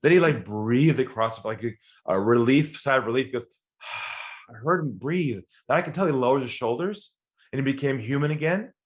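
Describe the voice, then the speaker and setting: Animated male sales coach storyteller. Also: medium pitch, a little fast. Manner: animated, acts out both sides of calls. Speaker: sales expert guest. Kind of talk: storytelling interview talk.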